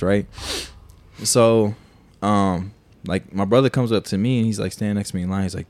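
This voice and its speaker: A man co-hosting a podcast, telling a story in casual chat, animated and profane, acting out the quotes. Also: fairly low pitch, fairly quick. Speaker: podcast co-host.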